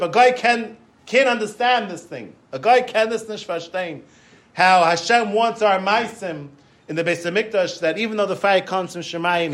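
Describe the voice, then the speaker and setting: A man giving a Torah lecture, telling stories in an animated way, often repeating words and restarting. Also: high voice. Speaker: Torah class teacher.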